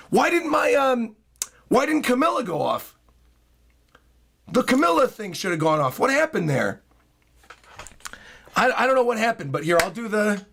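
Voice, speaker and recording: A man streaming live in casual chat, hoarse with a worn-out voice, excitable and prone to bursts of loud hyped yelling. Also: sits high. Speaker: streamer reacting to a comic chapter.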